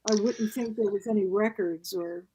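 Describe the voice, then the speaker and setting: Woman cohost, calm precise questions, casual chat. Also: medium pitch, moderate pace, noisy background. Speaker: podcast co-host. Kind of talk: casual conversation.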